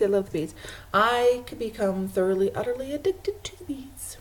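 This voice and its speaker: A woman's voice: medium pitch, moderate pace. A woman hosting a knitting video podcast from home, chatting casually and laughing often while she shows her projects to a webcam.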